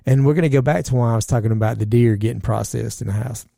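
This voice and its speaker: A man with a gravelly, low, raspy voice tells a long, profane story in casual conversation, talking fast and loosely with lots of fillers and asides. His tone is dark and mellow. The recording is dry and close, with no room sound.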